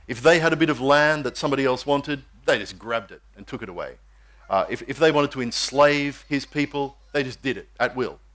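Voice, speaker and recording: A man's voice: mid-range voice, expressive, brisk, fairly bright tone. A man preaching a sermon, telling a story and acting out the voices of its characters.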